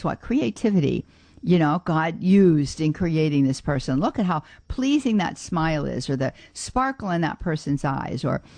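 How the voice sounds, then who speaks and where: Lower-voiced woman radio host, chatty call-in talk, dry close sound. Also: dry recording. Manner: warm, chatty, exclamatory.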